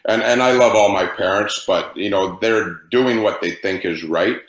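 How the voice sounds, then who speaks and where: A man's voice: lowish voice, normal speed, echoey room, poor audio. A man who coaches hockey, answering interview questions with passionate, emphatic opinions.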